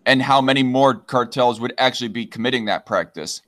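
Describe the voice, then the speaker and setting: A man's voice: medium pitch, brisk, fairly bright tone. A man hosts a loose, casual podcast and reacts to viewer comments as they come in. He talks hesitantly, trailing off and restarting often, with a mid-range voice. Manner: hesitant, many fillers and restarts. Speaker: podcast host reading chat comments.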